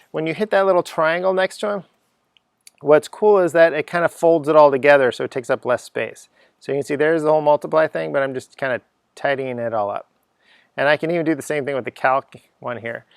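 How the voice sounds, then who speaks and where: A man's voice: fairly high pitch, smooth, no room sound, clean studio sound. A middle-aged man giving an unscripted coding lesson, chatty and thinking aloud, humming little sound effects as he types. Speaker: coding teacher.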